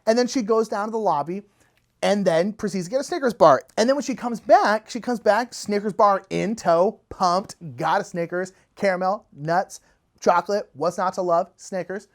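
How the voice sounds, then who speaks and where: A man telling a funny travel story in a casual, animated way, laughing often. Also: normal speed. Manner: animated, laughing, big pitch swings. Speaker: storyteller, channel co-host.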